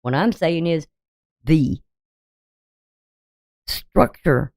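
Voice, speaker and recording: A woman's voice: fairly low pitch, lively intonation, normal speed, pauses often, a little mellow, dry recording, studio quality. A woman astrologer giving a forecast in an emphatic, preachy way, firing off rhetorical questions at her viewers. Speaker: astrologer and tarot reader.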